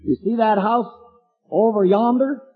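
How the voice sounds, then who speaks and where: An older man voicing a cantankerous old farmer with a gruff drawl, heard through a tinny, echoey hall recording. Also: high-pitched, unhurried, soft background music. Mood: grudging.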